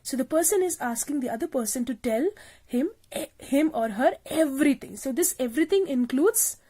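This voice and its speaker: A woman's voice: sits high, animated, fairly quick, mellow. A woman teacher giving a recorded grammar lesson, explaining step by step, repeating points and asking the class questions. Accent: South Asian English.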